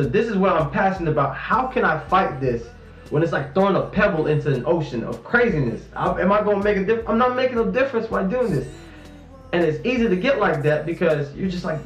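A fairly high-voiced young man from North Carolina talks with intense, frustrated passion. His voice rings in a roomy space, with faint music underneath. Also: dull audio. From Raleigh, North Carolina. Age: 20s. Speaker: interviewee, student activist. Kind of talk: candid personal interview.

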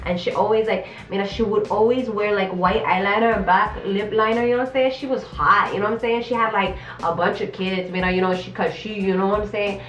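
A woman comedian hosting a radio show, chatting loudly in slangy, rambling speech full of tag questions. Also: mid-range voice, fairly even intonation, fairly quick, hardly any pauses, roomy sound, recorded from a distance, lo-fi sound. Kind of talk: casual comedy interview chat.

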